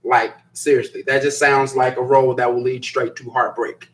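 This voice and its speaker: A man's voice: medium pitch, flat delivery, moderate pace, a bit bright, rough recording. A man hosting a live stream, chatting casually as he reads viewer comments, rambling, repeating himself and laughing often. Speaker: host of a live stream show.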